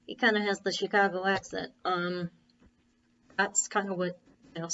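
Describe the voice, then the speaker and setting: A woman's voice: mid-range voice, flat delivery, normal speed, a bit bright, lo-fi sound. A woman author talking casually about her character, rambling with many fillers and restarts. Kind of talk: casual monologue.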